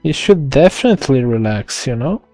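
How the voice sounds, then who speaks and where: A man with an Italian accent, streaming a game live and chatting to viewers in a rambling, halting way, with many restarts and laughs. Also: medium pitch, big pitch swings, mellow, dry recording, soft background music. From Italy.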